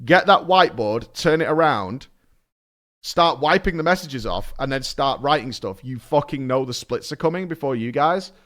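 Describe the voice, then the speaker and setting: A man streaming, telling stories in a casual, animated way, swearing and laughing often. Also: a little high. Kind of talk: casual chat.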